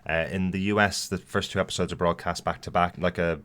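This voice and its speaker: A man's voice: low voice, fairly even intonation, brisk, fairly bright tone. A man co-hosting a podcast, chatting casually about a TV episode with frequent fillers and restarts. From outside the US. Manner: hesitant, many fillers and restarts. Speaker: podcast co-host. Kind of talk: casual TV review chat.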